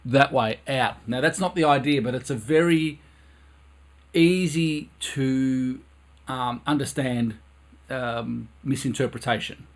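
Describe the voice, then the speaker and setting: A man's voice: medium pitch, slow pace. A man teaching a live-streamed brass lesson from his recording studio, earnest, repeating phrases over and over for emphasis.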